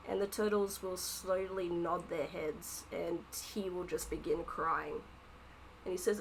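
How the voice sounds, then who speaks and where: A woman's voice: medium pitch, moderate pace, rough recording. Hesitant woman game master narrating a tabletop session over faint hiss. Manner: hesitant, with frequent fillers.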